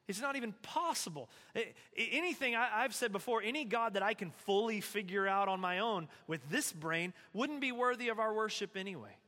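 A male pastor giving a conversational, animated sermon, reading and explaining scripture. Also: high voice, long reverb tail.

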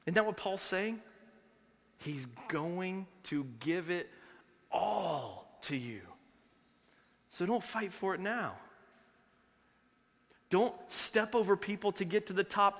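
A man preaching a sermon as pastor, swinging between loud urgency and hushed, intense passages. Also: high voice. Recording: long hall reverb.

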